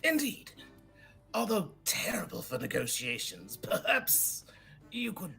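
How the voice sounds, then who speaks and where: A man's voice: high voice, huge pitch swings, measured pace, creaky, pushed and bright, breathy edge, faint music behind, pitched above the performer's own voice, exaggerated voice. A man voicing a polite male robotic being in a tabletop game, asking formal, courteous questions about technology.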